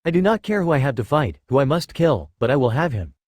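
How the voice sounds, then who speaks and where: A cold, manipulative villain mastermind, as a male narrator puts him on, speaking slowly and smoothly with a lively, rising and falling pitch. The audiobook voice is close and dry, with no room sound. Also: dry recording. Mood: coldly threatening. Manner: smooth, slow and threatening. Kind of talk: audiobook character voice.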